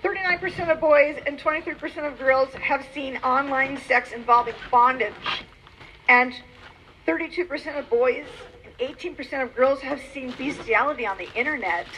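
A woman in her forties giving an animated personal testimony and teaching on faith, with emphatic, preacher-like exhortations. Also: high voice, normal speed, a little hiss or hum, rough recording. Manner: animated storytelling, acts out quoted voices. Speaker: Christian speaker on pornography.

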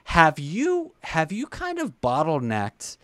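A man's voice: fairly high pitch, huge pitch swings, slow, a bit bright, no room sound. Earnest man preaching in a dry room. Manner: earnest, preachy storytelling with rising bursts. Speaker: podcast host and former youth pastor. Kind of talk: casual podcast chat.

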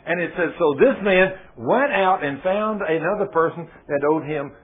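Animated preacher on tinny radio. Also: male voice, fairly high pitch, normal speed, husky. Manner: animated, rhetorical questions, retells scripture with quoted dialogue. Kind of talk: sermon. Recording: tinny phone-like radio broadcast.

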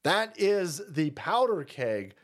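A man hosting a livestream, delivering a profane, rambling rant in fast bursts of casual commentary. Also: a little high, sing-song. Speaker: streamer host.

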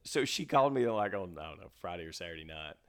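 A man's voice: deep voice, expressive, fast talker, a bit bright. A man with a faded Texan twang co-hosting a podcast, telling stories in a rambling, easygoing way with frequent restarts. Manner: rambling, restarts a lot, laughs easily. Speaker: podcast co-host. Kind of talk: casual chat.

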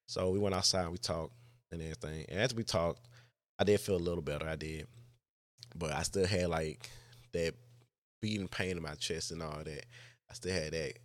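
A man's voice: low-pitched, steady tone, fairly quick, pauses often, a bit bright, no room sound. A man hosting a podcast, telling a personal story in a casual, rambling way with lots of "like" and restarts. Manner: rambling, heavy use of "like", frequent restarts. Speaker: podcast host.

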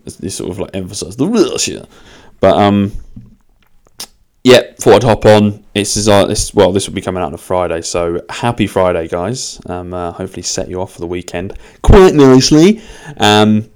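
A man's voice: deep voice, lively intonation, moderate pace, a little mellow. A young man hosting his own podcast, talking in a loose, rambling, sweary way and poking fun at himself. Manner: loose, sweary and self-mocking. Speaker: podcast host. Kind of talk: casual rambling monologue.

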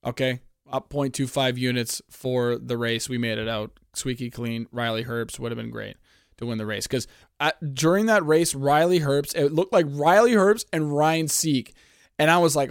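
A man's voice: mid-range voice, normal speed, clear, resonant tone, no room sound, clean studio sound. A man from Canada hosting a casual sports podcast, ranting in a profane, heated, rambling way. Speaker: podcast host.

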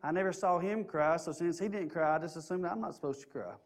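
A man in middle age delivers a sermon in a notably high voice. He speaks earnestly and personally, weaving in his own stories and repeating phrases for weight. His pitch rises and falls as he moves between quiet reflection and emphatic points. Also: fast talker. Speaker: preacher.

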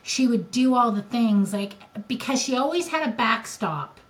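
A woman's voice: on the high side, animated, normal speed, over a noisy crowd, poor audio. An older woman co-hosting a podcast, talking candidly and emotionally in casual conversation, with frequent restarts. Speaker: podcast co-host.

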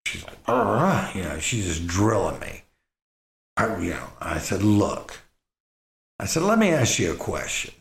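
Gravelly low-voiced guy, middle-aged, rambling his way through a story, lots of you-knows, echoey room. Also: big pitch swings. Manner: rambling, halting with frequent restarts and fillers. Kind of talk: casual personal storytelling. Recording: roomy echo.

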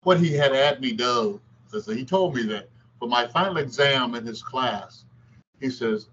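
An older man recounting his past in an interview, animated and prone to repeating himself, at a middle pitch. The recording is slightly dull, with faint hiss underneath. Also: moderate pace. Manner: animated storytelling, repeats phrases. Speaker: former basketball player and newscaster. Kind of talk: storytelling in an interview.

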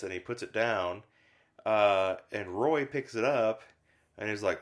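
A man's voice: on the low side, slow pace. A man co-hosting a casual film podcast, rambling with lots of fillers and restarts. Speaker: podcast co-host reviewing films. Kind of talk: casual chat.

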